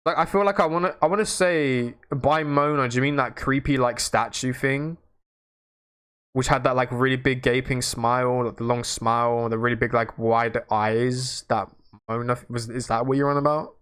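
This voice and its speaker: A young man hosting a casual livestream, chatting to viewers in a rambling, slangy way that jumps between loud outbursts and low mutters. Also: fairly even intonation, moderate pace, smooth.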